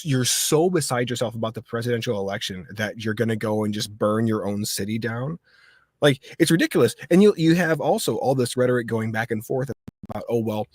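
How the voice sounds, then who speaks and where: A man hosts a casual livestream chat, rambling and heated as he circles back and restarts his sentences. His voice sits at a middling pitch and sounds dry and close, with no room around it. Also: no room sound. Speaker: host.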